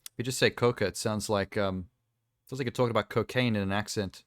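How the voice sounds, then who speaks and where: A man's voice: lowish voice, fairly even intonation, fast, no echo, clean studio sound. A man streaming live, chatting casually in a rambling, ranting way and laughing at himself. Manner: rambling, ranting, self-amused.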